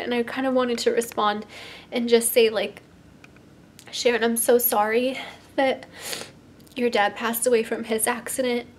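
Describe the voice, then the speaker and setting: A young woman talking to her subscribers in a vlog, crying and sniffling, halting and restarting with lots of "like". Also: on the high side, steady tone. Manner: tearful, heavy use of "like", halting restarts. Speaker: YouTuber.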